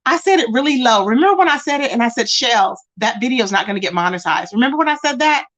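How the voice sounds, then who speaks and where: A woman's voice: fairly high pitch, expressive, quick pace, fairly bright tone. Chatty woman hosting a live stream. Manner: chatty, greets viewers with terms like baby and child. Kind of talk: casual live-stream chat reading comments.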